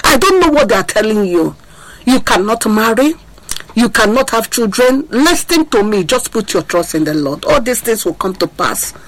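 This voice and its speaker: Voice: mid-range voice, big pitch swings, normal speed, fairly bright tone, rough recording. A preacher gives a sermon, repeating refrains in a sing-song, impassioned way and asking the listeners whether they are hearing. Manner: asks the audience to listen.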